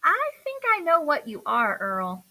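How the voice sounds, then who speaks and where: Woman voicing an excitable young pet. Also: sits high, a little slow, full character voice, low-quality recording. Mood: tender.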